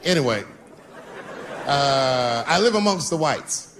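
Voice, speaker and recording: A man performing stand-up comedy on stage in front of a live audience, animated and bursting into shouts. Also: mid-range voice, slow pace, a loud crowd. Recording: noisy live show recording.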